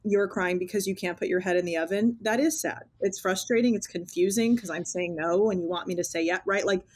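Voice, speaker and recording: A woman in her thirties co-hosts a podcast as a clinician. She talks in a lively, conversational way and slips into a higher voice when she acts out snippets of dialogue. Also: a little fast. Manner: animated, acts out quoted dialogue in raised voice.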